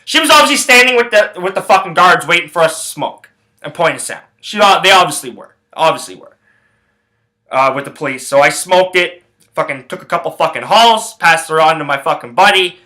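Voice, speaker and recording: A young man from Canada, host of his own show, rambles through a story and swears in nearly every line. His voice sits a little high and sounds bright and forceful. He talks casually, restarts his sentences and jumps back and forth, getting loud and animated as he tells it. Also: brisk. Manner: profane, rambling, animated retelling. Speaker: podcast host.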